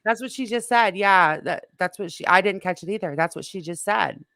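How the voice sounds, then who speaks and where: A woman's voice: medium pitch, normal speed, fairly bright tone, no echo. A woman hosting a casual livestream, blunt and disgusted, swearing often. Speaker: livestream host.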